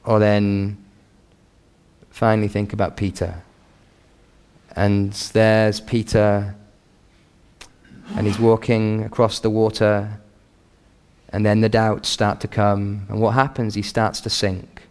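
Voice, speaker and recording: A man preaching a sermon in a fairly low voice. He is earnest and measured, and leans into his emphatic points with a pastoral steadiness. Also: flat delivery, a little mellow, clear, resonant tone.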